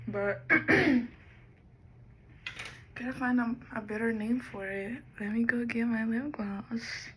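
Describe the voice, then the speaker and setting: Slow, musing woman vlogging. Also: on the high side, a bit bright, a little hiss or hum, poor audio. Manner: musing, self-talking, drifts between topics. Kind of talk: rambling personal vlog.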